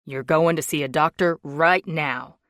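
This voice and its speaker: A protective wealthy young man, speaking in a low-key, firm and steady way with a slightly deepened tone, as a woman reader puts him on. The audiobook sound is dry and close-miked. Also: unhurried, no echo. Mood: determined. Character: protective rich young man, calm and determined. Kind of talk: audiobook character reading.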